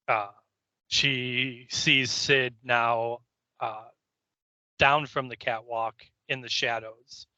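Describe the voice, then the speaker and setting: A man co-hosting a podcast who recaps scenes in casual chat and adds measured, dry remarks. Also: mid-range voice, pushed and bright, no echo, poor audio. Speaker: podcast co-host.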